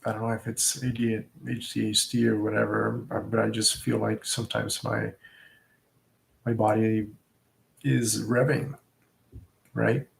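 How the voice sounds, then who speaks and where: A man with a gravelly, creaky voice talks slowly in a casual live vlog. He reflects as he goes, stumbling and restarting his sentences. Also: fairly low pitch, flat delivery. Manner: halting and reflective, with frequent restarts. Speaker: vlogger.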